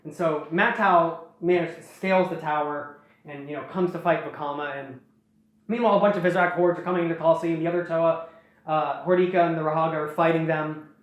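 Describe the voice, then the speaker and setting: A woman's voice: low voice, fairly even intonation, brisk. Chatty woman host, jokey retelling, heavy room echo. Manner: rambling, jokey, lots of fillers and restarts. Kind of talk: casual retelling of a story. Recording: very echoey room.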